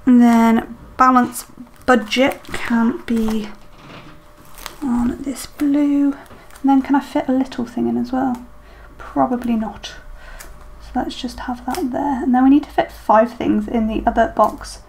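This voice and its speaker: Chatty woman thinking aloud with a gravelly edge. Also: on the high side, fairly even intonation, unhurried, darkish tone, a little hiss or hum. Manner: chatty, self-talking while decorating, many ums. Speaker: planner vlogger. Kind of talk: casual plan-with-me chat.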